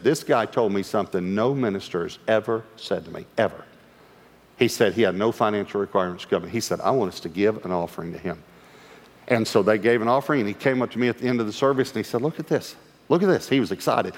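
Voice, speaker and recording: A male pastor, telling a story from the pulpit with lively acted-out dialogue and sudden hushed asides. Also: mid-range voice. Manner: animated storyteller acting out dialogue; drops to a hush for quoted lines. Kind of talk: storytelling sermon. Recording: long hall reverb.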